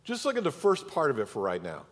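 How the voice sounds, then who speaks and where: Lively-voiced pastor preaching in a reverberant church. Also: male voice, medium pitch, fast talker. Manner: emphatic, talks directly to the congregation. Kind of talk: sermon. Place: church sanctuary. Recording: long church hall reverb.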